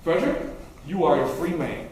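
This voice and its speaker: A man's voice: on the high side, normal speed, a little mellow, slight background noise, pitched below the performer's own voice, close to an everyday voice. A man voicing a kindly lady benefactor who coaxes a friend to stay. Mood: coaxing. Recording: very echoey room.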